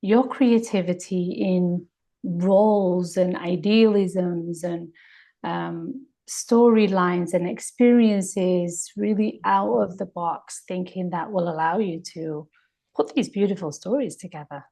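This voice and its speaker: Woman host, slow and easy, affirming her guest. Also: fairly low pitch, vocal fry, warm tone. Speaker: podcast host. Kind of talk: interview questions and affirmations.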